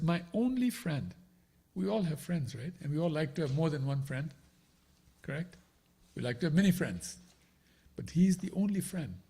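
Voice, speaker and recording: A man's voice: on the high side, gravelly, mellow, slightly rough. A man giving a devotional scripture class, explaining each verse and checking with listeners by asking "right?". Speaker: spiritual teacher.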